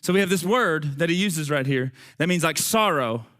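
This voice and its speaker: High, forceful preacher. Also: male voice, moderate pace. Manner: animated, folksy, talks straight to the congregation. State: voice going hoarse, short of breath. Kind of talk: sermon.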